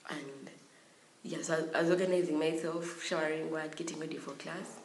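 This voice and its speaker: A young adult woman, telling a story from her school days in an animated, dramatic way with many exclamations. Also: sits low, a little fast. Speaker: vlogger. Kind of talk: storytime vlog. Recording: echoey room.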